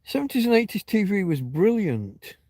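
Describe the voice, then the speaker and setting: Rambling middle-aged man, mellow voice. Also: high voice, big pitch swings, normal speed, no room sound. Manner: meandering, reminiscing, trails off and restarts mid-thought. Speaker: livestream host. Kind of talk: rambling casual chat. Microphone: phone.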